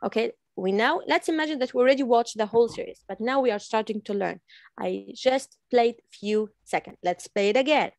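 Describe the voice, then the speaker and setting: A woman's voice: fairly high pitch, a little fast, creaky, no echo. A woman from Iran teaching an online English class, repeating phrases patiently for her learners over a video call. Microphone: computer mic on video call.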